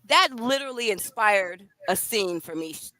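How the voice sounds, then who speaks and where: A woman with a bright, forceful voice talks excitedly to her live-stream viewers, showing off her book. The sound is close and dry, with no room around it. Her delivery is chatty and animated. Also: mid-range voice, normal speed, no echo, poor audio. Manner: chatty, enthusiastic, addresses viewers directly. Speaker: author and live-stream host. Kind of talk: lively live-stream chat.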